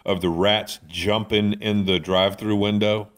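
Animated man with a low voice. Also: unhurried. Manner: animated storyteller, folksy and joking. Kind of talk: casual chat.

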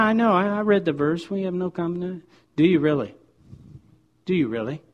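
A man delivering a sermon with an emphatic style, leaning on repeated words to drive each point home. His voice sits a little high for a man. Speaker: preacher.

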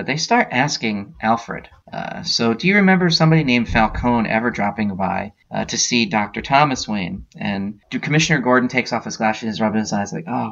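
A man's voice: lowish voice, gravelly, fairly bright tone. A man hosting a podcast, casually retelling a comic book story scene by scene with plenty of filler words. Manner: retells scenes with quoted lines, many uh fillers. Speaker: podcast host. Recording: dull lo-fi sound.

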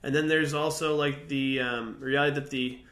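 A man's voice: mid-range voice, fairly even intonation, normal speed, fairly bright tone, echoey room. A man co-hosting a faith podcast, speaking hesitantly with many fillers and restarts, a little away from the mic. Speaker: podcast co-host.

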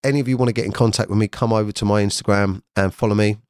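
A man's voice: lowish voice, steady tone, rapid-fire, a little mellow, smooth, no echo, clean studio sound. A man hosting an unscripted solo podcast from home, talking frankly and rambling, swearing freely. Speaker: podcast host.

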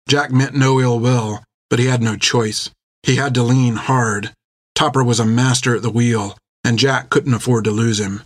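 A man reading an adventure novel aloud in measured, scripted narration on a close mic. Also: mid-range voice, steady tone, no echo. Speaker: audiobook narrator.

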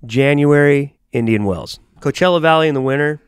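Male podcast co-host, smooth clear voice, dry mic, blunt and profane opinions. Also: on the high side, a little fast, dry recording. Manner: blunt, swears freely, opinionated. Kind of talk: casual chat.

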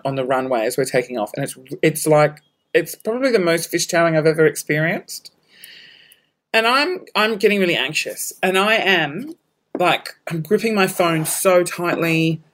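Animated Australian man telling a story. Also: a little high. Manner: animated, swears freely, laughs at himself. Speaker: podcast host. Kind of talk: casual storytelling.

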